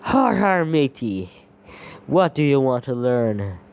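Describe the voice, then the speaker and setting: A man's voice: medium pitch, very animated, creaky, a little mellow, heavily acted. A man voicing a male pirate fox animatronic who drops "matey" into his lines, in a fan story. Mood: jolly pirate. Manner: pirate talk, drawn-out "matey".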